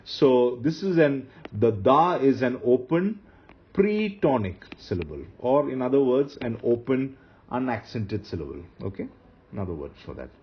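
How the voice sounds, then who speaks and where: Man, lecture voice, lively pitch, repeats rules slowly, dull lo-fi recording. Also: slight background noise. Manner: slow, repeats key rules for emphasis. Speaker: teacher. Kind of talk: slide-based grammar lecture.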